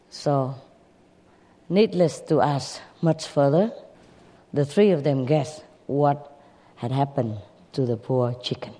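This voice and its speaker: Slow, mellow storyteller in a reverberant hall. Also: medium pitch. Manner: slow, with sighs, laughs and asides to listeners. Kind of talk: telling an animal fable.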